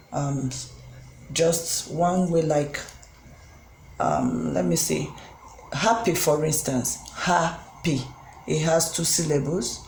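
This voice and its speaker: An English tutor with a slightly mellow, mid-range voice teaches a recorded grammar lesson, speaking slowly and deliberately, spelling out letters, and pausing often on "um." The room sounds roomy and echoey, with a faint hum in the background.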